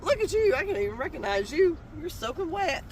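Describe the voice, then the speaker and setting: A woman's voice: high voice, big pitch swings, fairly quick, a little mellow, a little hiss or hum. A woman outdoors, cooing at her animals in affectionate baby talk during a casual vlog. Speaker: vlogger. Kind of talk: casual chat with farm animals.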